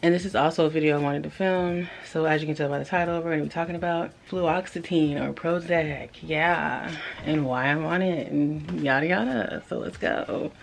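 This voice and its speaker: A woman's voice: deep voice, fairly even intonation, normal speed, creaky, hardly any pauses. A young woman vlogging casually to a camera propped up at home, chatty, scattered and apologetic as she talks. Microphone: camera propped up nearby. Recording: noisy home recording.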